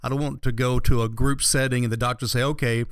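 A man hosts a radio talk show in a relaxed, chatty way. He rambles, circling back with fillers and restarts as he talks. His voice is smooth and clear, and the sound is close and dry. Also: mid-range voice, quick pace, no echo. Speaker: radio show host, financial advisor.

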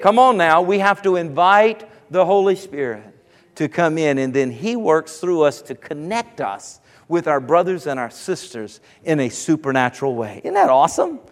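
Male pastor, high voice, animated preaching with humor, reverberant sanctuary. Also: moderate pace. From South Carolina. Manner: animated, jokes with the congregation, rises to shouts. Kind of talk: sermon. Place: church sanctuary. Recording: long church hall reverb.

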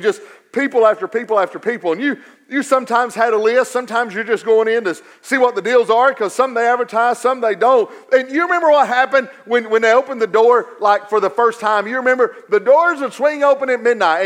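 A man preaching a sermon, swinging from quiet stretches to raised, emphatic repetition. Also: very high-pitched, fairly quick. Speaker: pastor.

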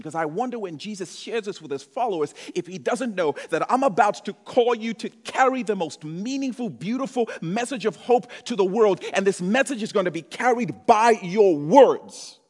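A pastor with a high-pitched voice preaches with emphasis. His delivery swings from loud declarations to quiet, hushed phrases. The sound carries the long reverb of a large hall. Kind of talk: sermon.

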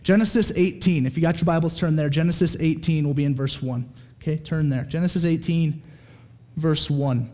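A male pastor preaching in a relaxed, conversational way, his voice sitting a little high for a man. He talks quickly and animatedly, pausing again and again to check in with the congregation. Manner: casual, animated, keeps checking in with "okay?". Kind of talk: sermon.

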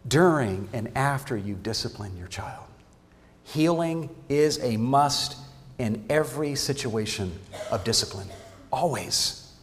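Man, sermon-style teaching, earnest, emphatic, mid-pitched voice, long hall reverb. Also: darkish tone. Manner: earnest, emphatic, with repeated restarts. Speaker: seminar teacher on parenting.

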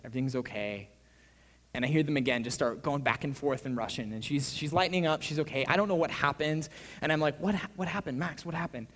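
A man's voice: mid-range voice, fairly bright tone. Young man preaching in a reverberant hall. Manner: casual, storytelling, acts out quoted voices. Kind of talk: sermon with a personal story.

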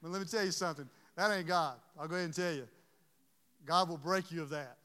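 A man's voice: a little high, fast talker, bright, forceful tone, big-room sound. A man preaching a sermon in an earnest, emotional way, often stopping and restarting his sentences. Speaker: pastor.

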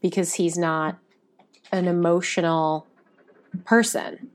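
A woman's voice: lowish voice, slow. A woman co-hosting a casual podcast about musical theatre, chatty and full of fillers, often acting out quotes. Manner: chatty, many fillers, animated quoting. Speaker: podcast co-host.

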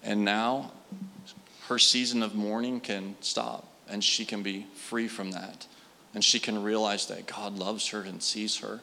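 Man, sermon, earnest storytelling, fillers, lowish pitch, bright tone. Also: flat delivery, unhurried, vocal fry, a little hiss or hum. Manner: earnest, conversational with frequent fillers. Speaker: preacher.

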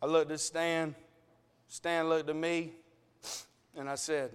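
A male preacher with a high voice shares a personal story in an emotional, conversational sermon. He keeps addressing the congregation as brethren. His words echo with a long reverb, as if he is in a large sanctuary. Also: flat delivery, slow, clear, resonant tone.

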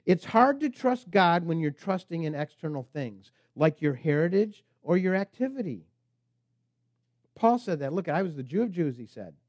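A man's voice: a little high, big pitch swings, moderate pace, a little mellow, no room sound, clean studio sound. A man preaching a sermon as pastor, emphatic and preacherly, at times speaking the tempter's lines.

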